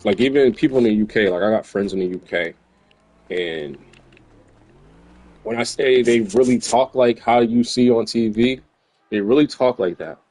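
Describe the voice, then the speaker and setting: Low-voiced, laid-back gamer. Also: male voice, moderate pace, long pauses, darkish tone, dry recording, low-quality recording. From New Jersey. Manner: laid-back, slangy, rambling. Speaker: gaming streamer. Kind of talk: casual commentary while playing. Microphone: USB desk microphone.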